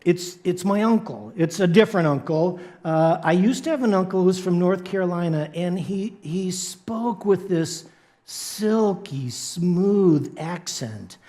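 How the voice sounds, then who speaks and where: A man's voice: high voice, a little slow, warm tone. A man preaching a sermon in a church, playful and joking with the congregation. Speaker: pastor. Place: church sanctuary.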